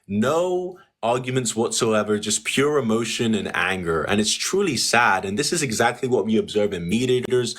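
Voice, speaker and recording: A man hosting a live online debate stream, talking in a calm, condescending way and repeating phrases slowly. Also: on the low side. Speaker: livestream debate host.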